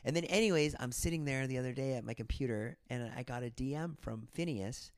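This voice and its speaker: A man's voice: mid-range voice, fairly quick, no room sound, clean studio sound. A man in his forties hosting a podcast, telling stories animatedly and swearing freely. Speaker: podcast host. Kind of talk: casual chat.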